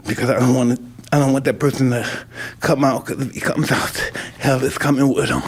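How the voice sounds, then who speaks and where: A man's voice: medium pitch, fairly quick, breathy edge. A man in his fifties, a retired boxer talking on a podcast, rambling and intense, often breaking off mid-sentence. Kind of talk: emotional conversation.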